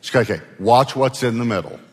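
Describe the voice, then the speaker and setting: A male pastor delivering a sermon in a large church auditorium, with a voice of ordinary middle pitch. He speaks conversationally and keeps asking the congregation to answer him out loud. His words ring with a long hall reverb. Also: expressive, fast talker, breathy edge.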